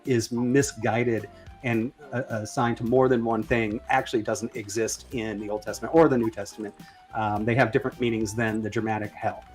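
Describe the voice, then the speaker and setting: A man hosting a casual religion discussion, speaking hesitantly with many fillers and restarts. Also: medium pitch. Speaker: debate host.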